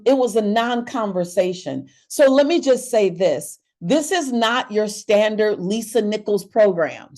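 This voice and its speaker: Expressive woman hosting a motivational webinar. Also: on the high side. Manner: expressive preacher-like cadence, rising emphasis, addresses audience directly. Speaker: webinar host.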